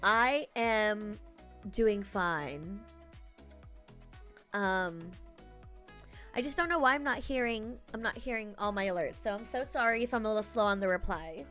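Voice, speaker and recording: A woman's voice: medium pitch, animated, unhurried, long pauses, bright, forceful tone, soft background music. Chatty laughing woman streamer. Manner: chatty, laughs often, thanks chat by name. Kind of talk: casual live-stream chat.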